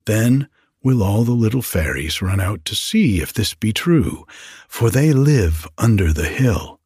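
A man voicing a solemn old wise man who gives measured, old-fashioned instructions. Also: on the low side, lively intonation, darkish tone, husky, no room sound, clean studio sound. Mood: instructing.

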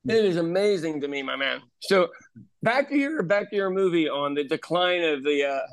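Speaking at a normal speed in a fairly high voice with no echo, a roughly sixty-year-old Irishman who owns a pub and hosts a podcast spins animated stories. The chat is casual and liberally laced with swearing.

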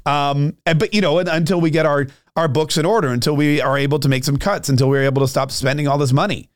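A man hosts a solo podcast, giving a ranting political commentary monologue. His voice sits a little high, and his delivery is sarcastic, often doubling words as he pushes ahead. The recording is close and dry. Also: steady tone, fast talker, dry recording.

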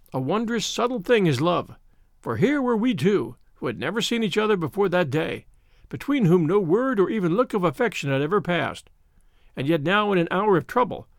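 A man narrating a story in an expressive, dramatic reading. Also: high voice, creaky, dry recording, clean studio sound. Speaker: audiobook narrator. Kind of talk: scripted narration.

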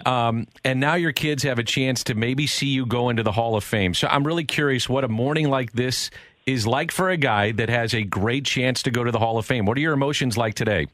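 A man's voice: medium pitch, brisk, a bit bright, dry recording. A male radio host asking long, enthusiastic questions with some fillers. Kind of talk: radio interview.

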